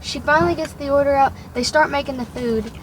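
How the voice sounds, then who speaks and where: A young woman with a rather high voice tells a long, rambling story in relaxed conversation, filling it with "like" as she goes. She is talking in a car, with faint road noise under her voice. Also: quick pace, poor audio. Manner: rambling storytelling, heavy use of "like". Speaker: daughter telling about her first workday. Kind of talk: casual chat.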